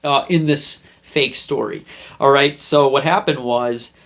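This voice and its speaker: A man's voice: mid-range voice, fairly even intonation, unhurried, creaky, a bit bright. A young man hosting a self-help video, chatting casually and rambling through a story he acts out. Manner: rambling, acts out scenes in put-on voices. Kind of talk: casual talk to camera.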